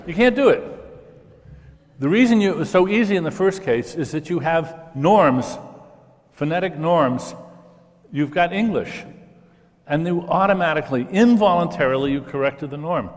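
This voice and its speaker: A man's voice: a little high, lively intonation, normal speed, long pauses, in a large hall. An older man in an interview, explaining ideas with enthusiasm and stammering at the start of sentences. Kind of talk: conversational interview.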